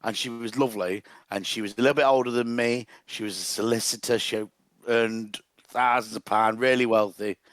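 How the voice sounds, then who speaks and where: A man co-hosting a podcast, recounting an embarrassing story in clipped, deadpan fragments. His voice sits in a middle register and sounds dry and close, with no room around it. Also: mid-range voice, moderate pace, dry recording. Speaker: podcast co-host. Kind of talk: casual chat, embarrassing anecdote.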